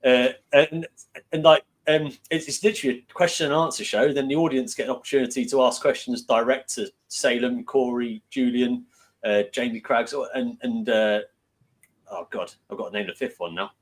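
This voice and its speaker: A man's voice: medium pitch, steady tone, normal speed. A British man, a guest on an online panel, chatting in a rambling, hesitant way. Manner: rambling, hesitant, lots of restarts. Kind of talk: casual panel chat.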